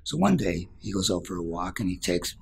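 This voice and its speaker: A man's voice: low-pitched, big pitch swings, brisk, gravelly, breathy edge. A man giving a spiritual talk as a teacher, telling a story in an earnest way and dropping to a whisper at times.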